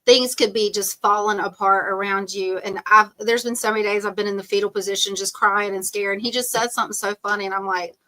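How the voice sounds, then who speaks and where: A middle-aged woman with a bright, clear tone tells a long personal story on a podcast. She rambles loosely, fills pauses with "um" and "like" and laughs easily. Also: mid-range voice, fairly even intonation. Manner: chatty, rambling, full of "um" and "like", laughs often. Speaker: podcast guest. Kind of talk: casual storytelling interview.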